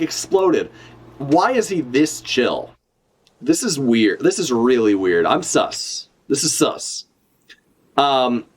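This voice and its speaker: Lively, casual young male streamer. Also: on the high side. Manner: casual, profane, full of fillers. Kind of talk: live reaction commentary.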